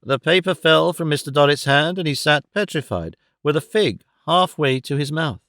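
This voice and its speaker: Smooth-voiced male audiobook narrator. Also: a little high, normal speed, no echo, clean studio sound. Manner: steady, expressive reading. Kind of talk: scripted narration of a classic novel.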